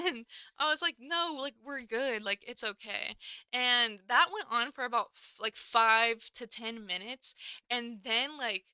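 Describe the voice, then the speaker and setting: A woman's voice: fairly high pitch, a little slow, bright, forceful tone, smooth, no room sound. A young woman telling a personal story in a casual, rambling way, full of "like"s and self-corrections. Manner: rambling, filler-heavy, with many "like"s and self-corrections. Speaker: storyteller vlogger.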